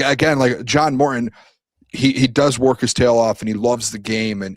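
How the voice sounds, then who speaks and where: A man's voice: on the low side, no echo. Man, sports podcast co-host, optimistic, filler-heavy rambling, dry close sound. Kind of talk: casual sports talk.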